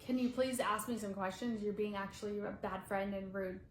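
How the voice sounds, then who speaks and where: A woman's voice: mid-range voice, fairly even intonation, fairly quick. A young woman in her twenties hosting a podcast, chatting casually and giggling as she talks straight to her listeners. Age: 20s. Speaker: podcast host. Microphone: podcast mic. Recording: echoey room, faint background noise.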